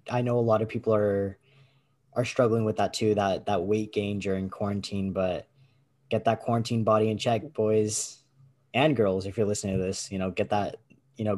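A man's voice: on the low side, level tone, moderate pace, dark tone. A young man co-hosting a podcast in casual, slangy chat over a video call. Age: young adult. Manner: laid-back, slangy. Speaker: podcast co-host.

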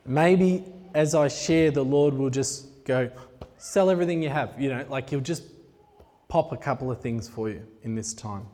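A man's voice: medium pitch, moderate pace, dark tone. A man preaching a sermon in a conversational, jokey way that turns heartfelt and intense. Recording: long reverb of a large hall.

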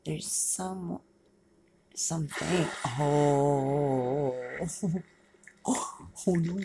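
Low, creaky woman reacting to a film. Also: slow, pauses often, noisy background. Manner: swears freely, chatty, laughs and exclaims at the screen. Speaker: movie reaction vlogger. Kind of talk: casual movie reaction commentary.

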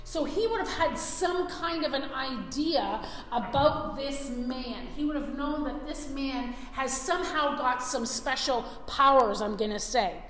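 Female preacher, animated storyteller; high, unhurried delivery, reverberant hall with faint ambience. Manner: animated storytelling, acting out scenes. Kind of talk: sermon.

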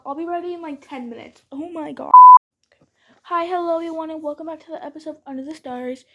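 A woman's voice: high voice, fast talker. A young woman hosting her own podcast at home, chatty and scattered, often stopping herself and starting over. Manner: chatty, scattered, self-interrupting with frequent restarts. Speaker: podcast host. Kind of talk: casual solo podcast bloopers.

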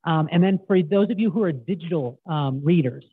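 A middle-aged man guest, telling stories in an animated way and acting out quotes. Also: on the high side, a little fast, breathy edge. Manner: animated storyteller, acts out quotes. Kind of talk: casual storytelling interview. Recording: tinny phone-like line, dry.

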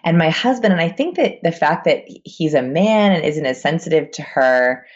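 A woman's voice: low voice, lively intonation, normal speed, muffled recording. A woman, a new mother, chatting casually as a podcast guest, rambling with many fillers.

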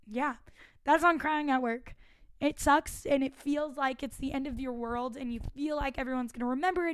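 High-voiced young woman giving frank advice. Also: no echo, clean studio sound. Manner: frank and chatty, swears casually. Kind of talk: casual advice monologue.

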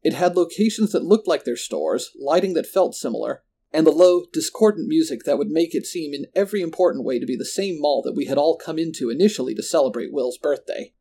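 A man telling a first-person horror story in a measured, subdued way. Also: fairly high pitch, animated, mellow. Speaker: narrator.

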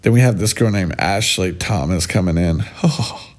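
A man giving sarcastic, mocking reaction commentary in a scornful tone. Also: low-pitched. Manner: mocking, scornful, drawn-out delivery. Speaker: vlogger.

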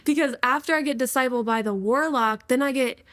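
A woman's voice: high-pitched, fairly quick, fairly bright tone, no room sound, studio quality. A woman in her twenties telling her personal testimony to an interviewer in a casual, slangy way, often breaking into laughter. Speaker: interview guest.

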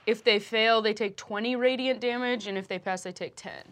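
A woman's voice: fairly high pitch, fairly even intonation, moderate pace, fairly bright tone, slight background noise. A woman playing a tabletop game who thinks aloud while she explains the rules of her spells. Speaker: player. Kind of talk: casual tabletop play.

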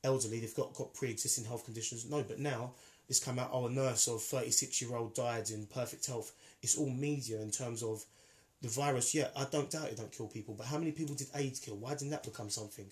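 A man's voice: mid-range voice, quick pace, darkish tone. Emphatic man arguing his point. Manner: emphatic, argumentative, repeats himself. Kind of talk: casual debate.

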